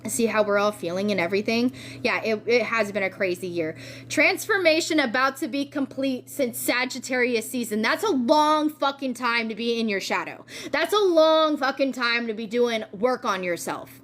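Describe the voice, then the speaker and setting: A woman with a somewhat high voice talks through a tarot reading in a loose, chatty way. She is excitable and full of slang, and she swears freely as she goes. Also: normal speed. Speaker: tarot reader. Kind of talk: casual spiritual reading.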